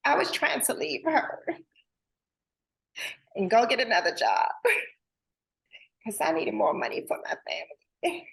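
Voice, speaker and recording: A fairly high-pitched woman with a bright, forward tone hosts a heartfelt, casual conversation. She sounds earnest and emotional, and talks straight to her listeners in easy, folksy speech. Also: wildly swooping pitch, slow, creaky, pauses often. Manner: informal and folksy, full of "girl" and "y'all". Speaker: host.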